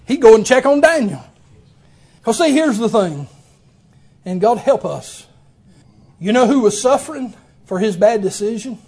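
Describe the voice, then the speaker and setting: A man, preaching with a strikingly high-pitched voice. He tells the story in a folksy, homespun way, full of exclamations and chuckles. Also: lively intonation, unhurried, pauses often, darkish tone, breathy edge. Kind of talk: folksy sermon.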